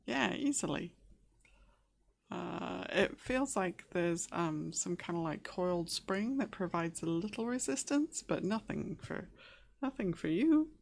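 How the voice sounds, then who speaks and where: A woman's voice: on the low side, animated, unhurried, creaky, a little mellow. A woman running a tabletop game as game master, describing scenes hesitantly with many fillers and restarts.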